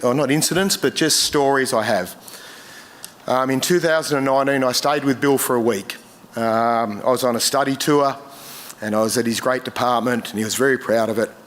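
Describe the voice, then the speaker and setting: An Australian man giving a eulogy full of personal stories, emotional and struggling to hold it together, with many pauses and fillers. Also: mid-range voice, fairly bright tone. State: choked up. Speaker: memorial speaker.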